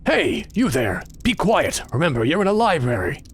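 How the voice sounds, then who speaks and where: Scolding, fussy librarian for a game, read aloud by a man, animated pitch. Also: moderate pace, a little hiss or hum. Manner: scolding, insistent. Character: stern fussy male librarian.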